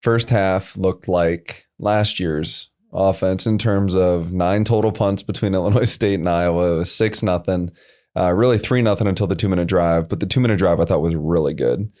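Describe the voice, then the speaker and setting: A man co-hosting a sports podcast, breaking down plays in a dry, measured way. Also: low-pitched, a little mellow. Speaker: podcast co-host. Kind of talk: casual sports chat.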